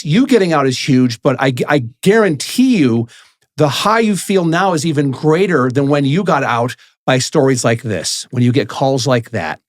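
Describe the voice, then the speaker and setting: A man hosting a podcast, asking his guest long, rambling questions that restart often. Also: mid-range voice. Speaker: podcast host.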